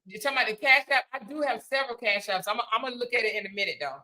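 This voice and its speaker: A woman's voice: fairly high pitch, racing, bright, forceful tone, poor audio. A woman hosting a casual livestream, chatting and thanking viewers as she reads their comments. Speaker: livestream host.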